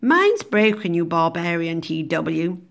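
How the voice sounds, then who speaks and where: A woman's voice: on the low side, sing-song, slow pace, creaky, exaggerated voice. A woman doing a clipped posh male teacher. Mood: haughty. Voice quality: clipped and assured.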